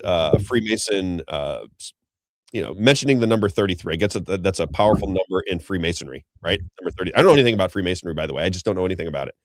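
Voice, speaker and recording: Fast-talking low-voiced male commentator. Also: dry recording, studio quality. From Missouri, USA. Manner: rambling, emphatic, repeats himself, addresses co-host. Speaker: political commentary host. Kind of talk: unscripted political commentary.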